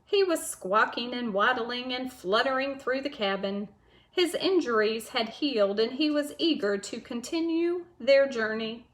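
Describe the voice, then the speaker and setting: A woman teacher reading a chapter book aloud to children, gentle and patient as she tells the story. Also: a little high, expressive, a little slow.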